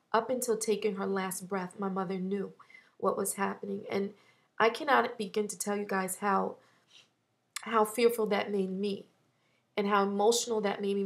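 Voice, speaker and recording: A woman in her thirties talking through a personal loss in a vlog, halting and heartfelt, close to tears at times. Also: medium pitch, creaky. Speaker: vlogger.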